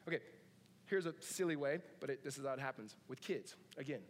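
A man's voice: medium pitch, animated, a little fast, in a large hall. A man in his thirties preaching a sermon in a church, conversational and joking, with many asides. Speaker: pastor. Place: church sanctuary.

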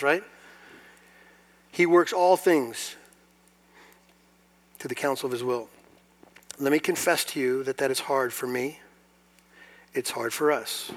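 A man preaches to his congregation in a slightly high voice. He drops to quiet, confiding asides, then builds to loud, emphatic lines and puts rhetorical questions to the room. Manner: asks the audience rhetorical questions. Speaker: pastor. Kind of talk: sermon. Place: church hall before a congregation.

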